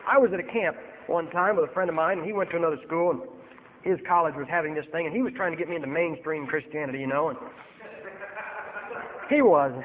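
A male preacher telling a story in a sermon, acting out both sides and getting loud and heated. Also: fairly high pitch, big-room sound, phone-quality sound.

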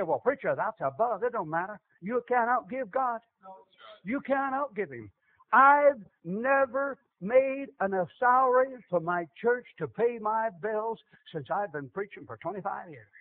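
A man's voice: very high voice, expressive, measured pace. A middle-aged man preaching a sermon, with an emphatic, repetitive cadence. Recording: tinny phone-like lo-fi audio.

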